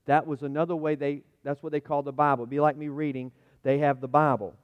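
A man preaching a sermon as pastor, reading scripture and swinging between loud emphasis and hushed asides. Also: fairly high pitch, little pitch movement, quick pace, no room sound, dull audio.

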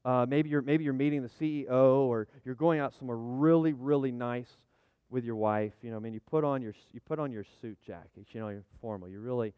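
Middle-aged male pastor, folksy sermon with asides, smooth tone, dry close sound. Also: mid-range voice, brisk, no echo, narrow, tinny audio. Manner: chatty, folksy, full of restarts and asides; jokes with the congregation, calls for amens. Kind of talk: conversational sermon with props.

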